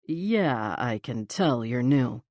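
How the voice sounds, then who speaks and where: A woman voicing a tall, amused male billionaire boss with a lowered, deep voice in an audiobook. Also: expressive, slow, darkish tone, dry recording, clean studio sound, full character voice. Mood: amused, teasing. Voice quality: deep, low-pitched. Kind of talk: audiobook character voice.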